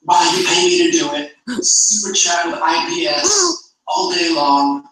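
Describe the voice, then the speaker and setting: A man's voice: sits high, huge pitch swings, unhurried, fairly bright tone, full character voice. A man mocking another man as a boastful, crude vlogger with a swaggering delivery. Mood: cocky. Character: brash, boastful male vlogger, mocking parody. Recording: echoey room, far from mic.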